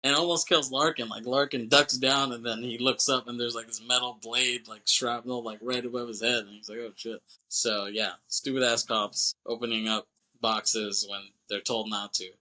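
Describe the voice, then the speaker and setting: A male podcast host recaps a film with loose, animated energy, jumping into quick impressions of the characters and laughing along the way. His voice is bright and forward. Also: medium pitch. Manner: animated retelling, acts out character lines, laughs often, swears. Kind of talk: casual movie recap.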